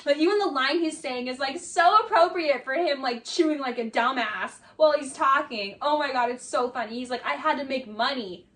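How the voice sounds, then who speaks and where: A high-pitched woman talking loosely and fast-flowing, peppering everything with "like" and snarky asides. She sits a little back from the mic, so her voice carries some distance. It sounds like a casual video essay commentary. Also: fairly bright tone. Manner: chatty, many "like"s, mocking asides.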